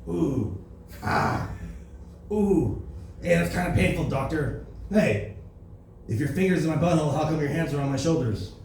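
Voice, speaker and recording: A man's voice: a little high, animated, moderate pace, gravelly, long pauses, darkish tone, a little hiss or hum. A man doing a stand-up impression of a boastful, crude older male politician, brash and rambling, at an open mic. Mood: mock pained. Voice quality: brash, rambling, self-important. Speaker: stand-up comedian. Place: comedy club open mic. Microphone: stage microphone. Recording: echoey room from far off.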